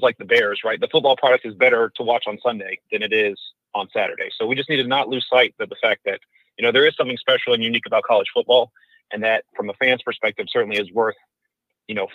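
A man's voice: medium pitch, no room sound. A male caller on a show who talks in a thoughtful, hesitant way full of fillers, heard over a phone line. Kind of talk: casual chat. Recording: tinny dry phone line.

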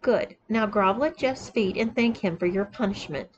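A woman reading the lines of a stern, mocking dominant wife who gives measured orders. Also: mid-range voice, dull audio, slight background noise, natural voice.

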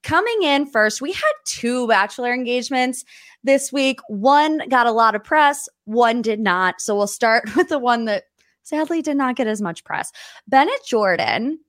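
A woman in her late twenties from the United States, hosting a podcast in casual chat, chatty and gushing, with quick asides. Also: fairly high pitch, lively intonation, no echo, clean studio sound. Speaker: podcast host. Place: studio office.

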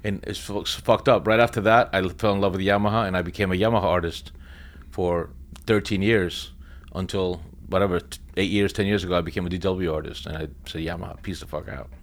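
Profane, animated middle-aged man. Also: sits low, a little fast. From East Coast of the US. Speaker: drummer, guest. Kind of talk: casual interview storytelling.

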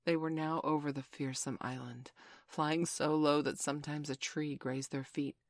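Brief: low-pitched woman, gentle storybook narrator, dry close sound. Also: level tone, moderate pace, dry recording.

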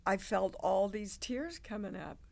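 An older woman, a guest actress, telling animated stories in a casual interview and acting out the people she quotes. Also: medium pitch, unhurried, gravelly. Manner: animated storyteller, acts out quoted voices.

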